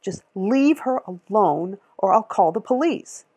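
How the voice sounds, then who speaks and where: A woman's voice: lowish voice, lively intonation, normal speed, creaky, darkish tone. Lila, read by a woman as a hot-tempered woman. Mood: angry. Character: hot-tempered adult woman, blunt and defiant.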